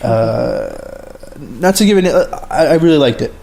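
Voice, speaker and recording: A man's voice: fairly high pitch, very animated, a little slow, creaky, darkish tone. A man co-hosting a casual movie podcast over an internet call, rambling with lots of fillers and restarts. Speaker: podcast co-host. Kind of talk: casual chat about movies.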